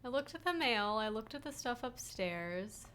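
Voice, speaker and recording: A woman's voice: a little high, lively intonation, moderate pace, fairly bright tone, slight background noise. A young woman giving playful let's-play commentary on a game and chatting to a viewer. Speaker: gaming streamer.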